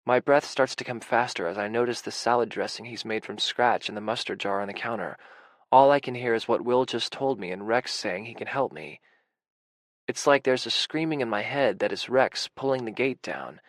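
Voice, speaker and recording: A male audiobook narrator with an average pitch, reading first-person prose in an intimate, emotional way. The recording is dry and close, with no room sound. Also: moderate pace, no echo. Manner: intimate and emotional, with anxious, racing passages.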